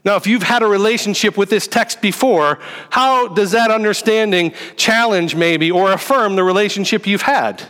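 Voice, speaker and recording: Man, pastor, conversational sermon, high voice, long hall reverb. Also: moderate pace, a bit bright, smooth. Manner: conversational teaching with rhetorical questions.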